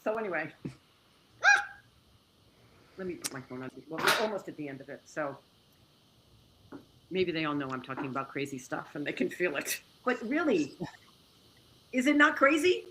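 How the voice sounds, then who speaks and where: A woman speaking as an interview guest, telling a personal story in an animated, exclamatory way and laughing often. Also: low-pitched, moderate pace, long pauses, very noisy.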